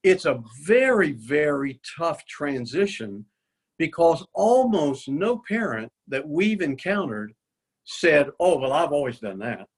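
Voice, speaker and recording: A man's voice: fairly high pitch, very animated, slow pace, husky, poor audio. A man speaking as a guest on a faith-based parenting show, earnest and quoting scripture.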